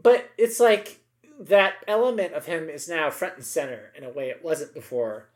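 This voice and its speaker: A man's voice: fairly high pitch, normal speed. A middle-aged man co-hosting a podcast, chatting casually and emphatically about politics, with many asides and tag questions.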